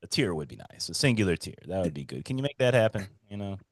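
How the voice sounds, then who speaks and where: A man's voice: low voice, very animated, quick pace, dry recording. Teasing man with a faint Southern drawl. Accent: slight Southern US drawl. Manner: teasing, sarcastic, mock-serious. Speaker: podcast co-host. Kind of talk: casual podcast banter.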